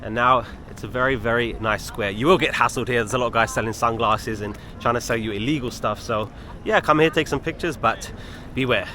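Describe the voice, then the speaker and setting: A man's voice: mid-range voice, brisk, bright, forceful tone. A young man casually narrating a travel vlog outdoors as he walks, chatty and easygoing, talking straight to his viewers. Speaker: travel vlogger. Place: outdoors on city streets. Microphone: handheld camera while walking. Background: faint street and traffic noise.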